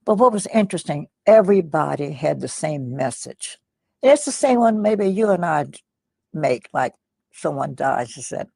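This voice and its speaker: A woman in her eighties recounting personal memories in an interview, speaking slowly and reflectively and often sinking to a near whisper. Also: low-pitched, expressive, creaky, a little mellow, slightly rough, no room sound. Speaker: guest.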